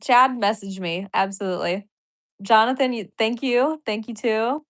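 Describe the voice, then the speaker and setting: A woman's voice: fairly high pitch, moderate pace. A woman comedian and podcaster chatting casually on a livestream, giddy and apologetic, gushing thanks to viewers and laughing often. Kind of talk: casual livestream chat reacting to donations.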